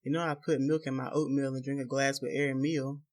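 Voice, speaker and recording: A man reading a novel aloud, voicing a huge, violent rural husband who speaks with menace and contempt in rough dialect. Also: medium pitch, level tone, fast, natural voice. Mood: angry.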